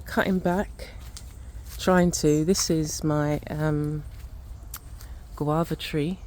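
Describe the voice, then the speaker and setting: A woman with a deep, darkish voice hosts her arts and wellness vlog, with a little hiss or hum in the audio. She rambles chattily with many fillers and trailing thoughts, walking from her home studio into the garden with a handheld camera.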